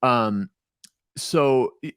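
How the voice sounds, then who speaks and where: A man's voice: mid-range voice, extremely slow, clean tone, dry recording, studio quality. A man chatting casually on a podcast as a guest, talkative and rambling, restarting his sentences, a little stoned. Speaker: podcast guest and former co-host. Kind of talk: casual chat.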